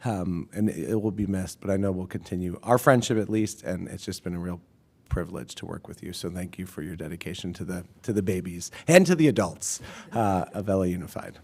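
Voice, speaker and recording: A man, a board member, giving a warm, joking tribute at a public meeting, with many fillers. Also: low voice, brisk.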